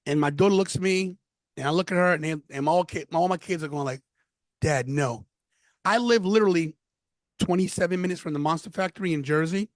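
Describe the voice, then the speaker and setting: A man's voice: high-pitched, fast talker, no room sound. A man in his fifties from Brooklyn with a New York accent, telling stories emphatically as a podcast guest. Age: 50s. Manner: animated, emphatic storytelling with repeated phrases. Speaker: podcast guest, former wrestler. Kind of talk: casual interview chat.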